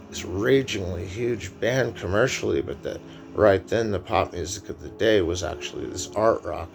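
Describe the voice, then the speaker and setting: A man's voice: sits low, vocal fry. A man giving a rambling film lecture, with many restarts and asides.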